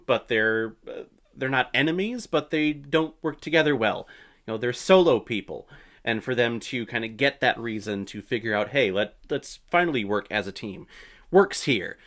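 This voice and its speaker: A man's voice: medium pitch, normal speed, fairly bright tone. A man hosting a casual movie reaction, chatty and opinionated, swearing now and then.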